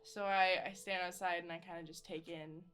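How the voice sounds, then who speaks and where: A woman player describing her character's actions in a tabletop game, slow and thoughtful. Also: on the low side, fairly even intonation, a bit bright, soft background music. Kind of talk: tabletop play.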